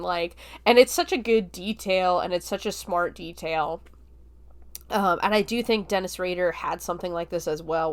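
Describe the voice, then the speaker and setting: Hosting a film review podcast, a woman with a fairly low voice retells the plot chattily and casually, full of fillers and quick laughs.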